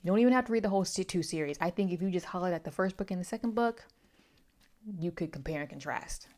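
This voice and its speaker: A woman's voice: on the low side, animated, fast talker, a little mellow. A young woman reviewing a novel in a casual, chatty vlog, with many asides and self-corrections. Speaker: book reviewer.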